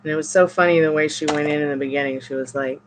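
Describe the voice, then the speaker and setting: A woman reading tarot on a live stream, chatting casually with viewers and rambling in halting, restarting sentences. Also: sits low, steady tone, slight background noise.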